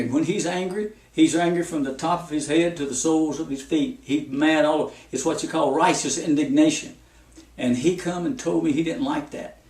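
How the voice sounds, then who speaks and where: A man's voice: fairly high pitch, darkish tone, far from the mic. A man preaching a folksy sermon full of stories and repeated warnings. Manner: folksy, repetitive warnings with anecdotes. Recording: echoey room, speaker off-mic.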